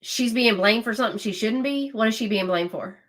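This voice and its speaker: A woman's voice: fairly high pitch, fairly quick, a bit bright. A woman hosting a livestream, talking to her viewers in casual political commentary, emphatic and often repeating herself. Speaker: livestream host.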